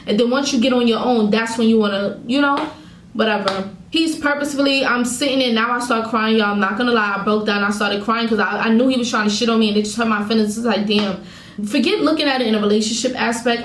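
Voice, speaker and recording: A woman with a higher voice vents candidly to her viewers in an emotional storytime vlog, recounting a painful breakup in her own words. The audio is poor and the room echoes.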